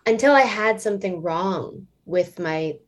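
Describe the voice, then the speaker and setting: A woman's voice: fairly low pitch, lively intonation, unhurried. A woman in her late twenties, a singer, telling a story in casual interview chat, rambling and filling it with "like" and "um". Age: late 20s. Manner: chatty, rambling storytelling full of "like" and "um". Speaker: singer and stage performer guest.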